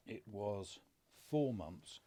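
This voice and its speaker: A middle-aged father from England telling family stories in a measured, dryly humorous way. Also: fairly low pitch, animated, mellow. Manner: dry understated humour, measured storytelling. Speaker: podcast co-host, father. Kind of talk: casual conversation.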